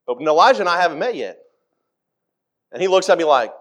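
A middle-aged man preaching a sermon, acting out scripture quotes with dramatic swings in pitch and loudness. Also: animated, fairly quick, pauses often.

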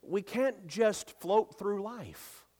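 A man's voice: high-pitched, lively intonation, drawn-out words, mellow. A man in his thirties preaching a sermon, building to emphatic repeated lines and turning chatty with stumbles when telling family stories. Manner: repeats words when speaking casually. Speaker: pastor.

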